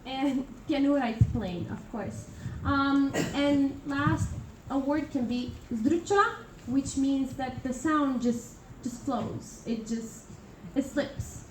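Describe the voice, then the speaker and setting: High-voiced woman presenting in an echoey classroom. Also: slow pace, few pauses, darkish tone. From Italy. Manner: hesitant, many fillers and restarts. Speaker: international student presenter. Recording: echoey room from far off, noisy.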